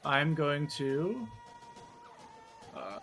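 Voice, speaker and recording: A man's voice: a little high, lively intonation, drawn-out words, fairly bright tone, faint music behind. A man playing a tabletop game, casual and hesitant. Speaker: player.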